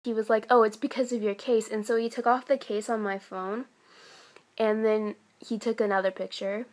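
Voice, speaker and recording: A teenage girl from the United States telling a casual vlog story, chatty and excitable, full of "like" and "um". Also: fairly high pitch, normal speed. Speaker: vlogger.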